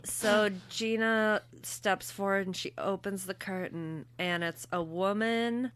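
A woman's voice: mid-range voice, steady tone, takes it slowly, a bit bright, no echo. A woman retelling a story in casual chat with friends, laughing as she goes. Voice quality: laughs often while telling a story. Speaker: podcast co-host.

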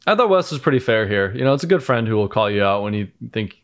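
A man co-hosting a casual reality-show recap, measured and wry in his commentary. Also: fairly low pitch, sing-song, smooth. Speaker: podcast co-host.

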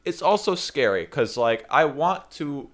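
Rambling young man, lively pitch. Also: a little slow. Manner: rambling, swearing, laughs at his own stories; quotes people in put-on voices. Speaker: podcast co-host. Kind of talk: casual chat.

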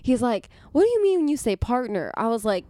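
Young woman, casual chat, emphatic storyteller, slightly high pitch, clear voice. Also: big pitch swings, a little fast, mellow, no echo.

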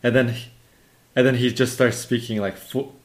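A man chatting casually about movies, halting and repeating words as he retells scenes. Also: mid-range voice, steady tone. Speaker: conversation partner. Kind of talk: casual chat about films.

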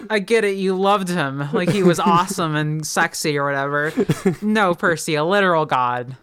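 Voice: medium pitch, normal speed, a bit bright, clean tone. A podcast co-host in casual chat, making dry, joking asides.

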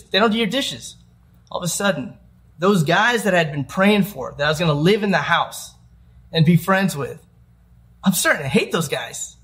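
Young male pastor, relaxed conversational sermon delivery with playful asides, voice sits a little high. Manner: conversational preaching with quick asides and acted-out quotes.

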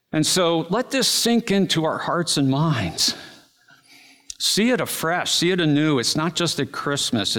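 A man preaching a sermon, telling a story with animated energy and dramatic slow-downs. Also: medium pitch, big-room sound. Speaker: pastor.

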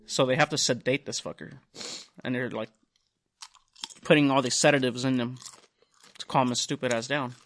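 A young man tells a long story on a casual podcast. He swears freely, drifts off on side tracks, and acts out each person's lines in quotes. His voice sits at an average pitch for a man. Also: fairly even intonation, normal speed, pauses often, a bit bright. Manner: rambling, profane, retells dialogue in quotes. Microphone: studio mic.

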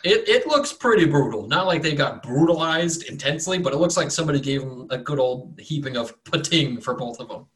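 A man's voice: on the high side, expressive, fairly quick, few pauses, a bit bright. A man narrating as game master, rambling loosely with fillers and self-corrections.

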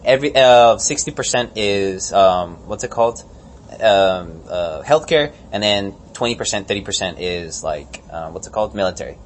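A man's voice: on the low side, moderate pace, slight background noise. Profane, rambling man chatting. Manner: profane, rambling, acts out scenes in animated bursts. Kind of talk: casual chat.

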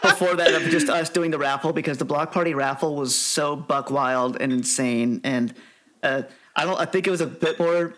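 A man's voice: a little high, normal speed, fairly bright tone, a little hiss or hum. A man co-hosting a podcast, playfully introducing a clip and steering the talk. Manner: playful, steers the show segments. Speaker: podcast co-host. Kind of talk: casual podcast chat.

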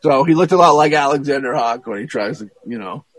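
A man in casual podcast chat, retelling a film plot in a rambling, profane and animated way, with many restarts. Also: medium pitch, fairly quick, no echo, poor audio.

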